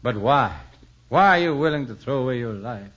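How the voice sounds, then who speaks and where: A man playing a smooth, philandering husband in a 1950s radio comedy sketch, crooning deadpan lines. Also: medium pitch, normal speed, voice pushed down, close to an everyday voice. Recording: dull old radio broadcast with audience.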